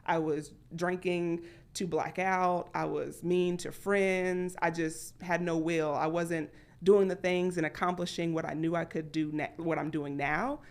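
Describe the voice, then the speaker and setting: A woman guest on a podcast, talking candidly and acting out her past thoughts with sudden jumps in pitch. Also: little pitch movement, a little slow. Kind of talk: candid conversational storytelling.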